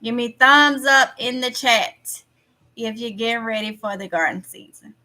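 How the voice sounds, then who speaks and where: A woman with a Mississippi drawl talks straight to her live chat in a bright, slightly high voice. She rambles in a casual way and repeats herself to make a point stick. It sounds like a relaxed home livestream. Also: a little slow, slight background noise. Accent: Mississippi Southern. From Mississippi, USA. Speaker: livestream host. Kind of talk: casual livestream chat reading viewer comments.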